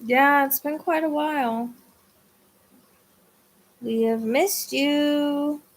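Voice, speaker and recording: A woman's voice: high-pitched, fairly even intonation, extremely slow. Tired woman chatting on a livestream. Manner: rambling, restarts and trails off. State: tired and drained. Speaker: psychic livestream host. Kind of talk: casual livestream chat with viewers.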